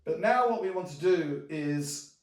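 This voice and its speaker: A man teaching djembe, explaining technique in a relaxed way and often checking in with a quick "okay?". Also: a little high, soft background music. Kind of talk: demonstrating drum technique. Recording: roomy sound from a distance. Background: djembe drumming.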